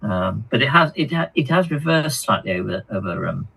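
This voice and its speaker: Creaky, husky man, chatty host. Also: mid-range voice, animated, fairly bright tone, rough recording. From United Kingdom. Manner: halting, repeats words, frequent ums. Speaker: co-host of a hobby live stream. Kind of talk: casual chat reading viewer comments.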